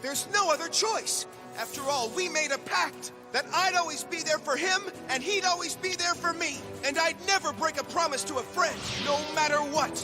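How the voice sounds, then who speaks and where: A determined young boy hero in a cartoon, with a very high, earnest, resolute voice. Music plays clearly behind him. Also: normal speed. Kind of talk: cartoon dub acting.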